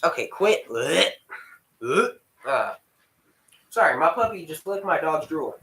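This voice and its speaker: A man's voice: on the high side, lively intonation, moderate pace, a bit bright, recorded from a distance, a little hiss or hum. A young man telling a rambling personal story in casual vlog style, swearing freely and breaking off to scold his dog. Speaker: vlogger. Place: room at home with dogs. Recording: echoey room.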